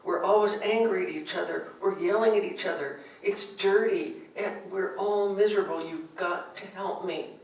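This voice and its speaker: Woman voicing a desperate complaining disciple, pleading and loud, distant roomy sound. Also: medium pitch, moderate pace, few pauses, highs cut off, close to an everyday voice. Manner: pleading, louder than the narrator. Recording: echoey hall from far off.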